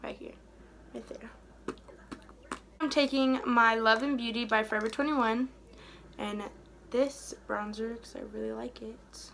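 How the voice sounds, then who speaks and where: Casting note: young female beauty vlogger, unhurried chatty delivery, gravelly fry, light room hiss behind. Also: fairly high pitch, steady tone. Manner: chatty, rambling, trails off softly mid-thought. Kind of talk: casual get-ready-with-me chat.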